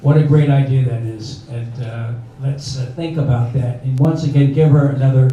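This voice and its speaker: A man's voice: mid-range voice, steady tone, moderate pace, warm tone, muffled recording. A man in his late seventies hosting a comedy benefit on stage, in a rambling, folksy way full of fillers. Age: older. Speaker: emcee. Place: bar venue. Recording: echoey bar, far mic, crowd noise.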